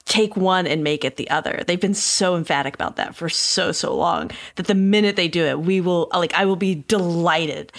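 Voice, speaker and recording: A woman's voice: fairly low pitch, normal speed, few pauses. A woman on a tech panel podcast, emphatic and playful in her opinions. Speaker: tech editor, podcast guest. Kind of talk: casual panel chat.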